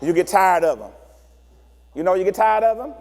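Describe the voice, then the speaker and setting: A man's voice: high voice, normal speed, long reverb tail. A man preaching a sermon, acting out children and couples as he explains. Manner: animated preacher acting out voices of children and partners. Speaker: pastor.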